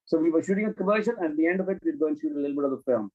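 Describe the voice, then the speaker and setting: High-pitched guy, middle-aged director, swears a lot, acts out every quote. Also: racing, phone-quality sound. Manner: animated anecdotes, blunt and profane, acts out quoted dialogue. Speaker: film director, guest. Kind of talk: candid interview storytelling.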